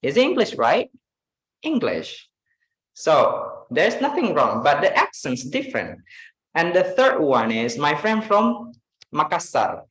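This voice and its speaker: A man's voice: fairly high pitch, very animated, measured pace, a bit bright, reverberant, rough recording. A man with an Indonesian accent, teaching English in a live online class, mixing in Indonesian with many fillers.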